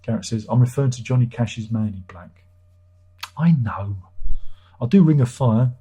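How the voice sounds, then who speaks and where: Husky, mellow-voiced man on a livestream. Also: medium pitch, expressive, normal speed. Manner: irreverent, joking, swears freely. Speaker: livestream host. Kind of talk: casual livestream chat reading viewer comments.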